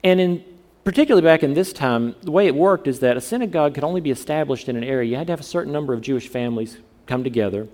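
A man's voice: a little high, lively intonation, rapid-fire, darkish tone. A man from the southern United States preaching a sermon in a conversational way, often asking his listeners questions. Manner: conversational, asks the congregation questions. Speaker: pastor.

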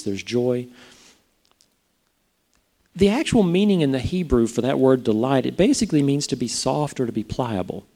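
A pastor delivers a sermon in a mellow, warm voice. His pitch moves up and down a lot, and he talks casually, checking in with the congregation through rhetorical questions. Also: gravelly.

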